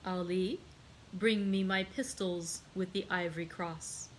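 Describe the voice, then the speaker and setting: A woman reading aloud and voicing a vengeful aristocratic count who speaks with calm, measured iciness. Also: fairly low pitch, slight background noise, lightly acted, low-quality recording. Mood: cold.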